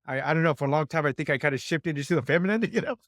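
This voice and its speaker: A man's voice: a little high, animated, very fast, a bit bright, dry recording, studio quality. Reflective man hosting a podcast. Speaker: podcast host. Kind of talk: interview talk.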